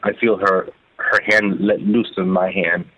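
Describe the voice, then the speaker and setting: A man telling his own story as an interview guest, halting and repeating words as he recounts it. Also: low voice, flat delivery, bright, forceful tone, dry recording. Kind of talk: emotional first-person testimony. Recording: phone-like narrow band.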